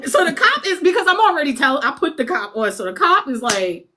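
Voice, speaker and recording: Young woman streamer, lively profane storytelling, slightly high pitch, laughs between lines. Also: a little fast, a little hiss or hum. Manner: animated, profane, laughs often, acts out quoted voices. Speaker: livestreamer. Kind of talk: casual storytelling to a live chat.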